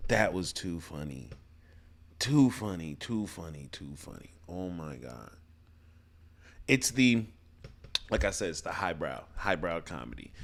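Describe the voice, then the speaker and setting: A man's voice: deep voice, creaky. A man hosting a reaction video, talking casually and with enthusiasm, rambling a bit. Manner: enthusiastic, laughs easily, rambling.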